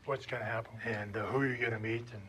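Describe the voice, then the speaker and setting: A man's voice: mid-range voice, fast talker, slight background noise. An older man, a retired wrestler, casually telling stories at a table and acting out other people's voices as he goes. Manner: animated, acts out other people's voices in anecdotes. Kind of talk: casual storytelling at a table chat.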